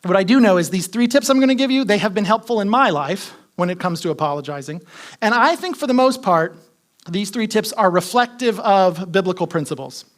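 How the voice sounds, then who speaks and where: A man's voice: high-pitched, animated, fairly quick. A man preaching a sermon as pastor, talking conversationally, asking the congregation questions and repeating his key points.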